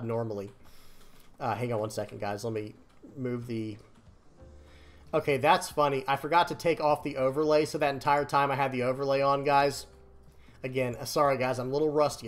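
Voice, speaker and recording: A young man chatting casually about his card game decks, rambling and apologetic with restarts and quick laughs. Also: mid-range voice. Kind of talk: casual chat while showing deck lists.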